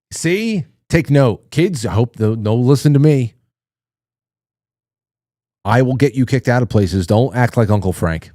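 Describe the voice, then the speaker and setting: A man's voice: on the low side, darkish tone, dry recording, clean studio sound. A middle-aged man hosting a talk show, chatting loosely and profanely, joking and reading listener comments. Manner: loose, profane, joking, mock-prim voices.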